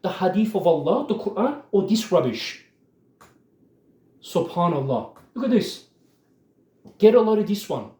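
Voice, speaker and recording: A man with a high yet mellow, dark-toned voice gives fired-up religious commentary. He speaks with heavy emphasis and keeps calling out to his listeners. The sound carries a roomy echo. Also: big pitch swings, unhurried, pauses often. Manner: emphatic, worked up, repeatedly addressing listeners.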